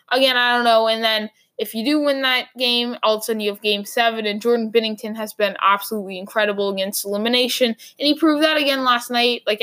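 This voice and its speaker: A woman's voice: mid-range voice, fairly bright tone. A woman hosting a sports show, rambling and thinking aloud with many fillers and restarts. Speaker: sports podcast host. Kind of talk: casual sports commentary.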